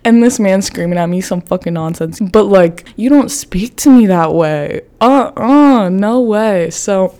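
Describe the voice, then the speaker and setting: A young woman vlogger telling a story casually, animated and profane, often laughing as she talks. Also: medium pitch, a little slow, hardly any pauses.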